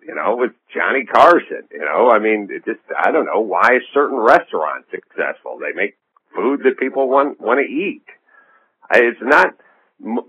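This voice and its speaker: A comedian and podcast host talking in a phone interview, rambling and sardonic with a self-assured edge. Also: male voice, medium pitch, bright, forceful tone, breathy edge. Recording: dull lo-fi line.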